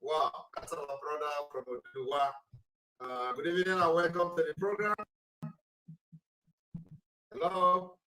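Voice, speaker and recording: Man, call-in host, slightly high voice, a bit off-mic. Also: flat delivery, a little slow, pauses often, sharp tone, far from the mic, rough recording. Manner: emphatic, repeats thanks. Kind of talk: live call-in show.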